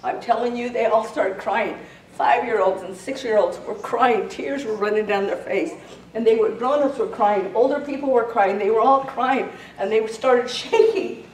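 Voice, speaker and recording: A woman preaching a sermon in a fervent manner, her storytelling rising into shouted prayer. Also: on the high side, moderate pace, a little hiss or hum. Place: church sanctuary. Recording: roomy church sound from a distance.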